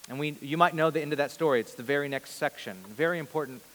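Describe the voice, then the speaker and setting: A man preaching a sermon as a pastor. He reads scripture quietly and grows more intense when he voices questions. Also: a little high, fast talker. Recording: long reverb of a large hall.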